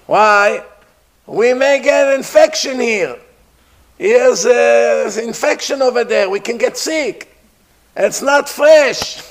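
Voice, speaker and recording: A man voicing excitable, squeamish cannibals who shout in a high, disgusted voice in a told story. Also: takes it slowly.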